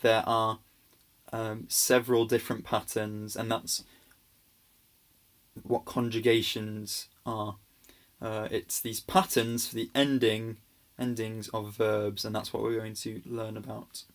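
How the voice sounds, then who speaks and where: A man with a fairly low voice walks through a grammar lesson at an unhurried pace. He explains patiently and reassuringly, pausing often on ums and restarting his sentences. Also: level tone. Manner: hesitant, many ums and restarts. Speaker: language teacher. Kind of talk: casual slide-based grammar lesson.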